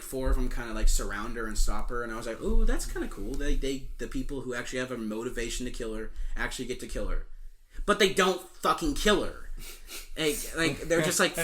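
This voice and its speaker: A man's voice: medium pitch, fairly bright tone. A young man co-hosting a film podcast, casually retelling a movie plot with swearing, laughter and silly quoted voices. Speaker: podcast co-host.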